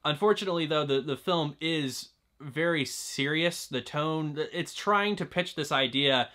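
Young guy doing a chatty movie review, kinda high voice, sharp bright tone. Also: measured pace. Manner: chatty, fills talk with "like" and restarts. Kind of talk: casual spoken film review.

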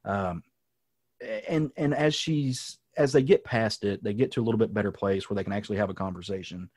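A man's voice: lowish voice, brisk, darkish tone, slightly rough, no echo, clean studio sound. A man hosting a podcast, casually recapping a comic book story in a rambling way with many ums and asides. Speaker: podcast host.

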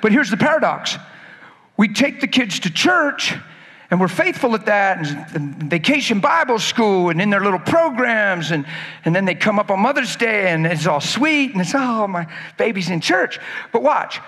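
A man preaching a sermon in an animated way, acting out quoted voices and laughing often. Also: sits high, normal speed, in a large hall.

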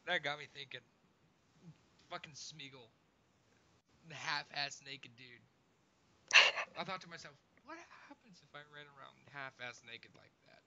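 A man's voice: on the high side, animated, unhurried, long pauses, pushed and bright. A man chatting in a casual interview, joking crudely, swearing a lot and laughing often. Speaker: YouTuber being interviewed. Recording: dull lo-fi sound.

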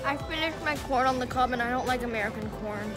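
A woman's voice: on the high side, fast talker. A young woman bantering with friends at an outdoor theme park, teasing and whiny. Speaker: friend on outing. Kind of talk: casual banter. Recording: loud crowd and music noise.

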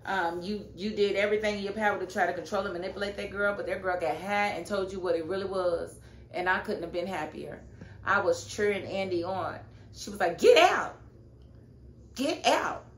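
A woman reviewing a TV episode in a casual, animated and sassy way, often scolding the characters directly. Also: medium pitch, brisk. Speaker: TV show reviewer. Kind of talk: casual TV recap vlog. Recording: echoey room with faint noise.

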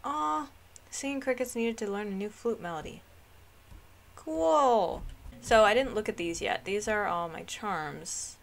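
A woman's voice: medium pitch, normal speed, hardly any pauses, a little hiss or hum. A woman giving casual commentary while playing a video game, chatty and self-mocking, and she shrieks and laughs whenever a fight gets tense. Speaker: gaming channel host.

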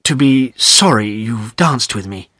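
A man voicing an earnest young gentleman who pleads and turns bitter, in a storybook reading. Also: medium pitch, expressive, a little slow, breathy edge, no echo, studio quality, full character voice. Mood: pleading.

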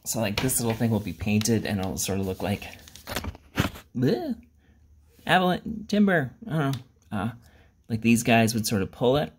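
A man hosting his own hobby channel and chatting casually about his miniature work. He talks in a rambling way, pokes fun at himself and fills his pauses with lots of uhs and ums. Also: lowish voice, a little hiss or hum. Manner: rambling, self-deprecating, many fillers. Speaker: miniature painting channel host.

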